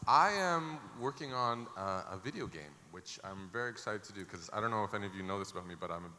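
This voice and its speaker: A man with a fairly low voice talks through a panel mic at a big convention, candid and a little joking, trailing into fillers now and then. His words ring out with a long hall reverb over a clear layer of background noise. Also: expressive, fast, bright, forceful tone. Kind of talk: casual panel talk.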